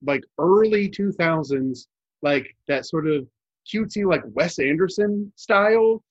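A man's voice: fairly high pitch, animated, a little slow, dull audio. Rambling young man, casual podcast chat. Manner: rambling, many fillers and restarts. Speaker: podcast co-host.

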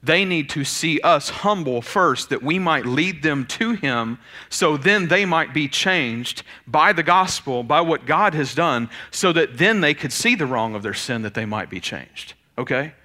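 A man, preaching a sermon in an animated, conversational way. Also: on the high side, unhurried. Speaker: pastor.

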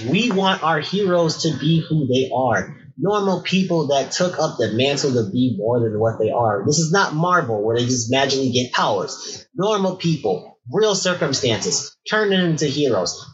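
A man co-hosting a podcast in casual chat, talking in an animated, profane way. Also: mid-range voice. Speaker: podcast co-host. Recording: dull lo-fi sound.

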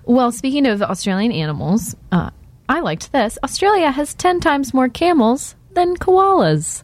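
A woman's voice: high voice, very animated, measured pace, no echo. A woman co-hosting a casual podcast chat, teasing playfully and laughing often. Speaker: podcast co-host.

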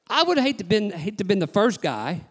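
A man's voice: high-pitched, big pitch swings, fairly quick, fairly bright tone. A male pastor preaching a sermon to his congregation, emphatic and rhythmic, with frequent call-outs to the crowd. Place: church sanctuary. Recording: long reverb of a large church hall.

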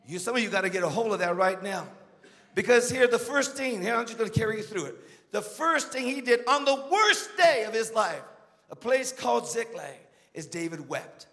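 A man's voice: high-pitched, animated, normal speed, creaky, sharp tone, big-room sound. A man preaching a sermon as a guest speaker, emphatic and calling out to the congregation.

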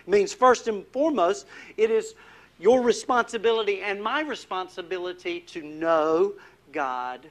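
A man preaching a sermon as pastor, putting questions to the congregation and dropping to a hush on key words. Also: high voice. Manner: asks the congregation questions, drops to a hushed voice for emphasis.

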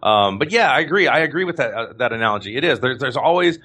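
A man's voice: mid-range voice, expressive, fast talker, pushed and bright. A man chatting casually as a podcast host, rambling with many restarts and easy laughter. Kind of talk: casual chat.

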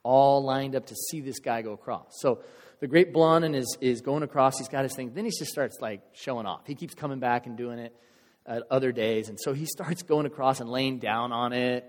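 A man's voice: medium pitch, moderate pace. Man preaching in a reverberant hall. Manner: conversational, animated storytelling with acted-out crowd voices. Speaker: pastor. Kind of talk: sermon with storytelling. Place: church.

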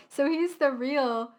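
Giggly young woman, fairly high voice. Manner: giggly, rambling, lots of fillers. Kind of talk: casual chat.

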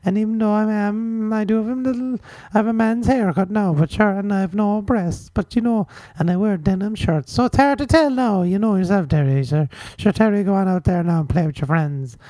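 A man doing a shrill Irish auntie. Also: fairly quick, few pauses, warm tone, no room sound, close to an everyday voice. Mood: fussing. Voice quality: high, sing-song, heavy brogue. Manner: exaggerated comic nagging with "sure" and "now" fillers. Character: fussy middle-aged Irish aunt, high-pitched and nagging. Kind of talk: comedy podcast bit.

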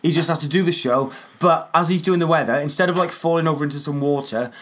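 A man's voice: a little high, fast, a bit bright. A man co-hosting a podcast in crude, jokey, nostalgic banter. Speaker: podcast co-host. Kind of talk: casual banter.

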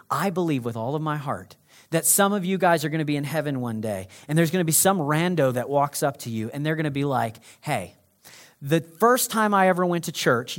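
Impassioned male pastor preaching. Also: a little high. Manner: impassioned preaching that swings from loud urging to soft, hushed prayer. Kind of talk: sermon.

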